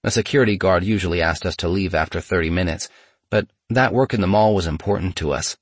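A man narrating a memoir in a steady, measured storytelling manner. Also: low voice, slightly rough, dry recording.

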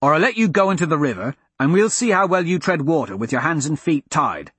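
A man as a gruff, menacing mercenary. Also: expressive, brisk, fairly bright tone, dry recording. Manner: low, menacing threats. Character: tough male mercenary, gruff and threatening.

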